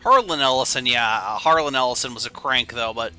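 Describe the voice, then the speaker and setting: A young man talks over his gameplay stream, rambling from joke to tangent and poking fun at himself. His voice is very bright and cutting, with faint music underneath. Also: medium pitch, fairly quick, clear, resonant tone. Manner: rambling, goofy and self-deprecating. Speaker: game streamer. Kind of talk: casual gameplay commentary.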